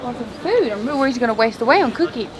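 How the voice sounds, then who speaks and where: A woman's voice: on the high side, lively intonation, quick pace. Playful woman, echoey room. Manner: teasing, playful. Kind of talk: casual chat. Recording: echoey room with loud noise.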